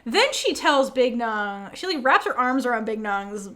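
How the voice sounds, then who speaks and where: Lively high-voiced woman podcast co-host. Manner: animated, fast, many fillers, quotes characters. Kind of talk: casual recap chat.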